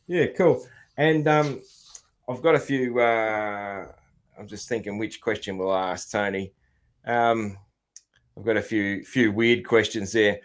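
Australian male podcast host, lowish voice, easygoing and rambling. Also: slow pace. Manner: laid-back, lots of fillers and restarts. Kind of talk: casual chat.

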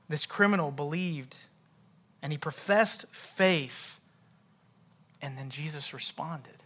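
Male pastor, young adult, bright tenor-ish voice; preaches with big dynamic swings from whisper to forceful. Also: fairly high pitch. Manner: swings from hushed, whispered asides to loud emphatic repetition. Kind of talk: sermon.

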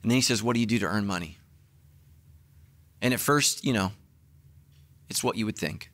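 A middle-aged man preaching a sermon as a pastor, telling the story with acted-out dialogue and sudden swings between loud and hushed. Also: moderate pace, pauses often. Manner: animated storytelling, acting out dialogue with big pitch swings.

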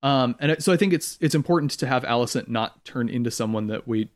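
A man's voice: mid-range voice, fast. Opinionated man chatting on a podcast. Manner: relaxed, opinionated, many "um"s. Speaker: podcast co-host. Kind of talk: casual chat.

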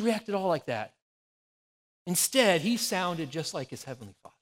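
A man's voice: sits high, moderate pace, in a large hall. A man in his forties, a pastor giving a conversational sermon full of personal anecdotes. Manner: conversational, anecdotal, animated storytelling.

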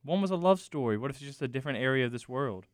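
A man's voice: mid-range voice, animated, very fast, no echo, clean studio sound. A young man co-hosting a podcast, arguing his opinions on movies and games in casual chat. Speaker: podcast co-host.

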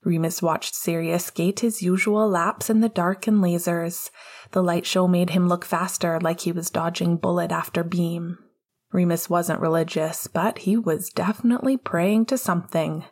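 A woman narrating a fan-fiction audiobook with steady storytelling, giving the dialogue small character voices. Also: on the low side, moderate pace.

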